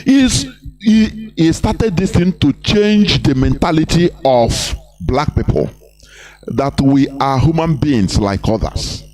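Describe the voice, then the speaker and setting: A Nigerian man holding forth on a live broadcast in a fairly high voice, pressing his point with repeated rhetorical questions and restarts. Faint music plays underneath him. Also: lively intonation, slow pace, a little mellow. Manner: preachy, repetitive, rhetorical questions, mimicking others. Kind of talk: impassioned live broadcast commentary.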